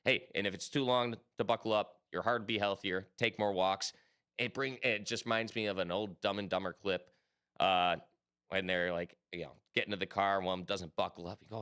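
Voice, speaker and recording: A man who is a regular guest on a sports radio show, bantering casually and telling animated, jokey stories full of tangents. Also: low-pitched, fairly quick, clean tone, soft background music. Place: radio studio.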